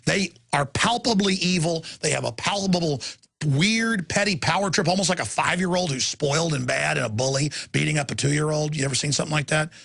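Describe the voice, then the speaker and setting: A man's voice: fairly high pitch, fairly quick, gravelly, fairly bright tone, slightly rough. A man hosting a talk show, delivering an angry, impassioned rant in a heated, emphatic way.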